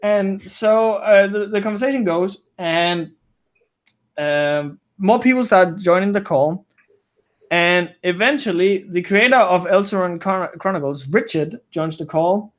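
Non-native English-speaking man, high voice, rambling podcast storyteller who keeps restarting. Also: measured pace. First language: not English. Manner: rambling, frequent restarts and self-corrections. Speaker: guest storyteller. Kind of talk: casual podcast chat.

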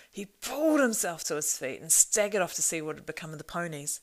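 A woman narrating a storybook in a measured, expressive reading. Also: on the low side. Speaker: audiobook narrator.

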